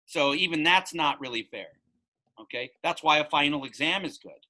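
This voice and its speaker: Here the math instructor talks at a normal speed, his fairly high voice pushed and bright, captured on a rough recording. His classroom explanation rambles, with many restarts and side remarks.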